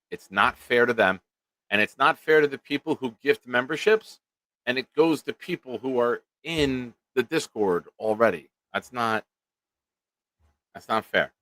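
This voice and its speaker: A man's voice: medium pitch, fairly bright tone, dry recording. A young man hosting a casual live-stream sports show, blunt and joking with his viewers. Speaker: show host.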